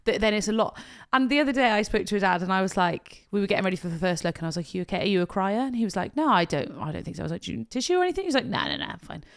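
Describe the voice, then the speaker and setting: A wedding planner co-hosting a podcast chats casually, telling emotional stories full of laughter. Her mid-range, gravelly voice has lively intonation and races along rapid-fire with hardly any pauses.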